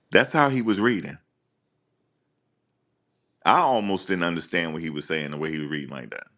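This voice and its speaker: A man hosting a live stream, talking casually and teasing his viewers in an animated rant. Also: sits low, normal speed, pauses often.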